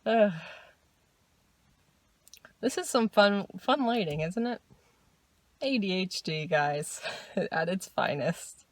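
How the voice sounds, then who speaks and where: A woman talking casually in a personal diary vlog, rambling, restarting and laughing often, in a dark room at night. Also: mid-range voice, animated, extremely slow, long pauses, no echo. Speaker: vlogger.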